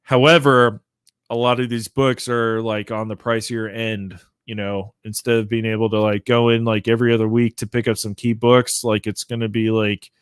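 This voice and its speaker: A man's voice: on the low side, little pitch movement, moderate pace, smooth, no room sound, studio quality. A sleepy man chatting casually on his own live stream about comics, rambling with lots of fillers. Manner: rambling, filler-heavy, laid-back. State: sleepy, yawning. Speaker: comic book vlogger.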